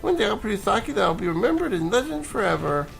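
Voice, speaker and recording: Picture a young village woman from a video game who lives for brewing sake, talking in an earnest, dreamy way, as a man reads her lines. The voice is pitched well up, high and light. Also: sing-song, quick pace, creaky, music in the background, heavily acted.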